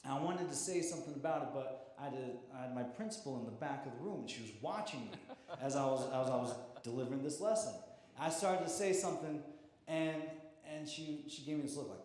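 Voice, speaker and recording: A man's voice: medium pitch, darkish tone. Earnest man in an echoey hall. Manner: heartfelt storytelling, repeats words while speaking. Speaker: teacher. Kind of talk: public speech at a town hall. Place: large hall. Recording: echoey hall with long reverb.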